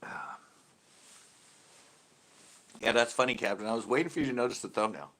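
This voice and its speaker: A man's voice: mid-range voice, moderate pace, a bit bright. A man hosting a casual live stream from home, chatting with viewers and laughing often between remarks. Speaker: host of a live after-show stream.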